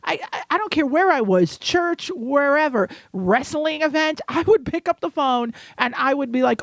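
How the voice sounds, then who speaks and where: High-pitched lady co-host, teasing and animated, dry close mic podcast. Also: moderate pace, hardly any pauses, no room sound. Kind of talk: casual chat.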